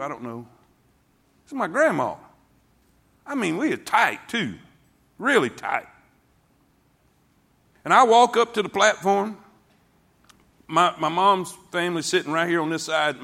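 A man preaching a sermon to his congregation, telling folksy stories and swinging between hushed asides and shouting. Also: on the high side. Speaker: pastor. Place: church sanctuary before a congregation.

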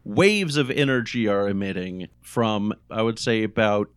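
A man's voice: on the low side, expressive, measured pace, clear, resonant tone, dry recording. A man narrating as game master of a tabletop game, describing scenes in a hesitant way with fillers.

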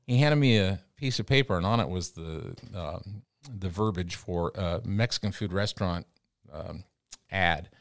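A middle-aged man from the Amarillo, Texas area, a radio broadcaster, telling animated stories full of quoted dialogue as a guest in an interview. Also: low voice, measured pace, no room sound. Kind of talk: casual storytelling.

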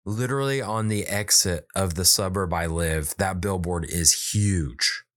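In a low voice at a measured pace, a children's book author in his thirties relays a story conversationally, acting out the dialogue with animation. The recording has studio quality and no echo.

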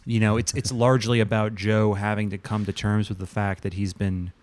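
A man's voice: on the low side, little pitch movement, brisk, no echo. A man co-hosting a casual comedic chat, rambling crudely and acting out quoted voices. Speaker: podcast co-host.

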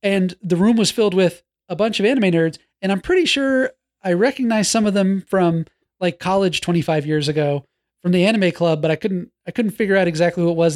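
High-voiced man in casual podcast chat. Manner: chatty and animated, with restarts and playful jabs. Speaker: podcast co-host.

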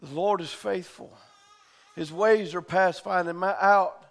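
A man preaching a sermon in a fervent style that often rises to shouting. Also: high-pitched, unhurried, creaky.

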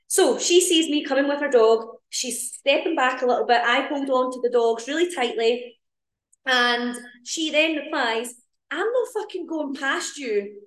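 High-voiced Scottish woman, echoey room. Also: moderate pace. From Scotland. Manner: lively, teasing storyteller. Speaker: podcast co-host. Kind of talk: casual chat.

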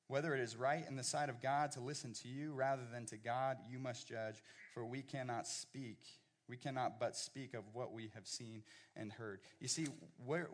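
A middle-aged male pastor preaching a sermon, often repeating and restarting his words as he builds up, at times nearly shouting. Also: mid-range voice. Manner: animated, repeats words, rising to near-shouting.

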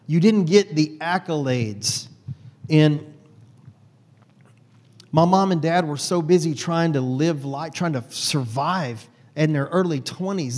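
A man telling a personal story to an audience in a folksy, animated way. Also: on the high side. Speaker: speaker.

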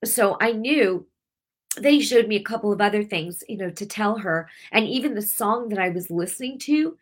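A woman's voice: medium pitch, expressive, normal speed. A middle-aged woman preaching on her weekly broadcast, telling a personal testimony in an emotional, rambling way with many restarts. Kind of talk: heartfelt sermon with personal testimony.

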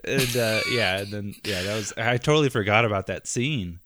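A man in his thirties talking casually on a podcast, animated and laughing often, trailing off into mumbles at times. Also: fairly low pitch, normal speed, a little hiss or hum. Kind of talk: casual chat.

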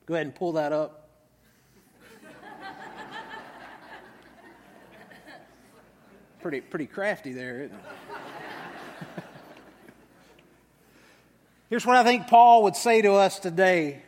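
A male pastor preaches in a relaxed, conversational way, telling a story with the odd filler. He speaks very slowly, his voice a little high for a man. A long echo fills the church hall. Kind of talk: sermon. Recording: reverberant hall.

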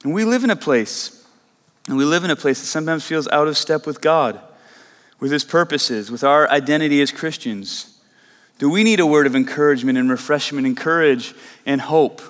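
A man's voice: on the high side, moderate pace, a bit bright, long reverb tail. A man preaching a sermon as a pastor, earnest and emphatic, often asking the listeners "right?". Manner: earnest, emphatic, repeats questions and asks "right?".

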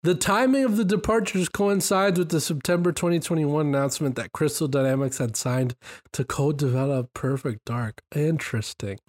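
Animated man reading gaming news. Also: fairly high pitch, normal speed. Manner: animated teasing, says "dude" often. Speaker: podcast host. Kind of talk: casual chat, reading news aloud.

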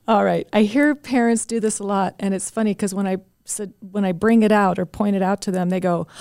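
A woman's voice: medium pitch, fairly even intonation, a little fast, a little mellow, smooth, no echo, clean studio sound. A woman co-hosting a casual conversation, speaking in a direct, emphatic way. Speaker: co-host.

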